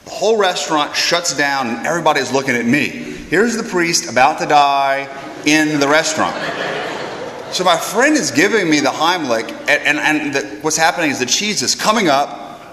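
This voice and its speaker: Brief: male priest storyteller, slightly high voice, lively and self-mocking, long hall reverb. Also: normal speed, a crowd in the background. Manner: animated, self-deprecating, stumbling repeats. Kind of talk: storytelling anecdote.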